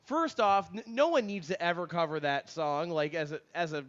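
A man's voice: fairly high pitch, normal speed, fairly bright tone. A man co-hosting a casual chat, talking loosely with lots of fillers and swearing. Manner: loose, swearing, filler-heavy banter with frequent laughs. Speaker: podcast co-host. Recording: muffled lo-fi sound.

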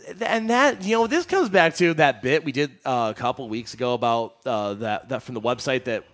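A man's voice: medium pitch, animated, a little fast, fairly bright tone. A man co-hosting a radio show, talking in blunt, joking banter and ranting about bad customers. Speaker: radio co-host.

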